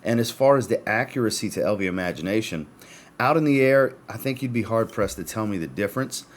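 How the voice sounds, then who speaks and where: A man's voice: fairly low pitch, animated, fast talker. A man with the hiccups giving a chatty, casual fragrance review and talking to his viewers as guys. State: has the hiccups.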